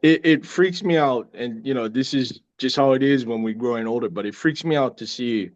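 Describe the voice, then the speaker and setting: A man's voice: medium pitch, normal speed, lo-fi sound. A middle-aged man, an actor chatting casually as a guest and telling stories with lots of laughter. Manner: laughing, animated storyteller. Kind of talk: casual chat.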